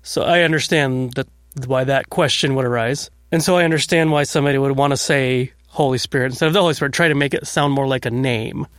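A man's voice: mid-range voice, fast talker, few pauses, clear, resonant tone, no room sound, clean studio sound. A man co-hosting a podcast, chatting casually and laughing often as he talks. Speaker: podcast co-host. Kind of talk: casual chat.

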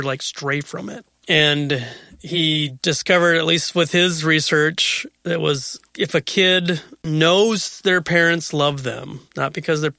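A man's voice: fairly high pitch, vocal fry, pushed and bright, no echo, studio quality. A middle-aged man and father chatting casually about faith and parenting, rambling through stories. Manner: rambling, storytelling with acted quotes and laughs.

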